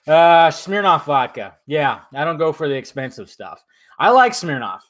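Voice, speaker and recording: A man's voice: a little high, sing-song, normal speed, a bit bright. Profane, casual male streamer. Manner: loose, profane, drinking while talking. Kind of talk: casual live-stream chat.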